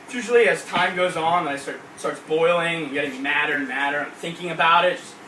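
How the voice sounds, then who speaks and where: A man's voice: a little high, brisk, bright, forceful tone, slight background noise. A young man doing a crude, ranting stand-up routine with mock outrage. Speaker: stand-up comedian. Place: comedy club stage. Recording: echoey club from a distant mic, crowd laughing.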